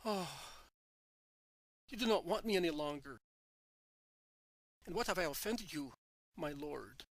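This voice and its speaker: A man's voice: sits high, sing-song, slow, sharp tone, dry recording, exaggerated voice. A man reading aloud, voicing an old male teacher who pleads through sobs. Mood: desperate pleading. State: sobbing.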